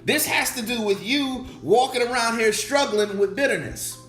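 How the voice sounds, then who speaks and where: A man preaching a sermon as pastor, animated, repeating his questions and acting out the voices of his listeners. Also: very high-pitched, normal speed. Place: church sanctuary. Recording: echoey church room with music.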